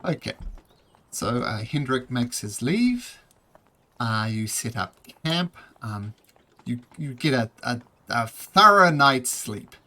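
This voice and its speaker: A man running a tabletop game as game master, narrating in a relaxed way with many ums and uhs. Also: medium pitch, takes it slowly.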